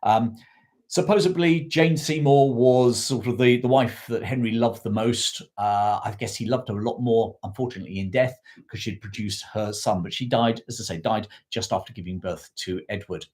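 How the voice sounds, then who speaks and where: A man's voice: mid-range voice, moderate pace, a little mellow. A man talks history to a live online audience in an unscripted, meandering way. He restarts sentences, corrects his own slips and stops to thank viewers from the chat. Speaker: history livestream host.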